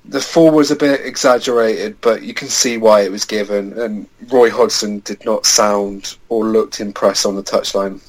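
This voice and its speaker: A man, a guest on a football podcast, giving his opinions in a relaxed, casual way. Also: fairly low pitch, moderate pace, hardly any pauses, rough recording.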